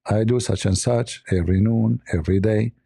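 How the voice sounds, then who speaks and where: A man voicing a smug male believer who drones the same answers in a flat, low, mocking monotone. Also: normal speed, creaky, breathy edge, no echo, studio quality. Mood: droning.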